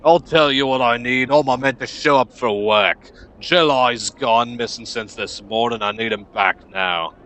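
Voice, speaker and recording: Gruff loud dock boss, as a man reads him. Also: mid-range voice, a little slow, close to an everyday voice. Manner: loud, scolding, rough talk. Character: gruff burly male dock foreman, angry.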